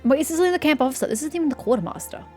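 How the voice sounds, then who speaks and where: A woman's voice: high-pitched, animated, very fast, a little mellow. A woman doing let's-play commentary, sarcastic and sweary, ranting about the game. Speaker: gaming streamer. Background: faint game music.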